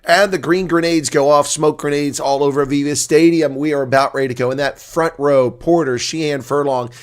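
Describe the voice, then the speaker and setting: Excitable man calling a rugby watch-along. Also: fairly high pitch, brisk. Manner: excitable, swings from quiet asides to loud calls; opinionated, argues with referee calls. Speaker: live watch-along commentator. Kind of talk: live reaction play-by-play commentary.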